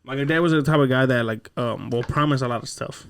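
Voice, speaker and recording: Young male podcast co-host, mid-pitched, loose storyteller who swears freely. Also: fast. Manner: laid-back, swears freely, acts out quotes. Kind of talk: casual chat, storytelling.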